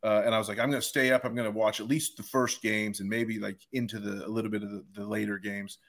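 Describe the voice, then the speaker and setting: A young man on a sports podcast, casually telling an animated story and putting on the voices of people he met. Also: fairly low pitch, fast talker. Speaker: podcast co-host.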